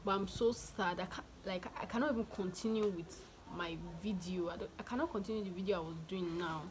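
A woman's voice: lowish voice, brisk, a little hiss or hum. A young woman chatting to her viewers in a casual vlog from home, laughing often and restarting her sentences. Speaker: vlogger.

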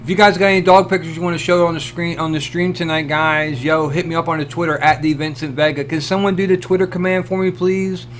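A man hosting a casual live stream, greeting viewers by name and reacting loudly and profanely to pictures they send, often laughing. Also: on the high side, fairly even intonation, fast talker, hardly any pauses, a little hiss or hum. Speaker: livestream host.

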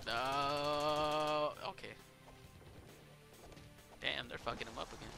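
A man giving casual let's play commentary over a wrestling game, excitable and swearing, yelling at the game and shouting out moves. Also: fairly high pitch, slow, gravelly, pauses often, soft background music. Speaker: gameplay commentator.

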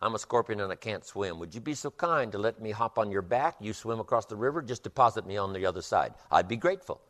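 A man's voice: on the low side, expressive, quick pace, fairly bright tone. A man voicing a sly male scorpion who politely coaxes in a spoken fable. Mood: coaxing. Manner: coaxing, overly polite.

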